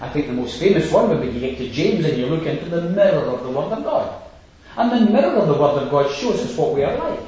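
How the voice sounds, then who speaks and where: A man's voice: a little high, big pitch swings, fast, dark tone. A man preaching an expository sermon, stressing points and repeating phrases as he builds. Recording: echoey hall, distant dull lo-fi mic.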